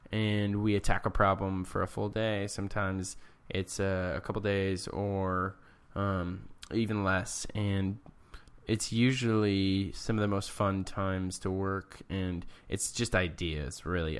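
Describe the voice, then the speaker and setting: A man's voice: low-pitched, a little slow, clean tone. A man hosting a podcast, talking casually and rambling with many fillers. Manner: relaxed, filler-heavy, rambling. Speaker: podcast host.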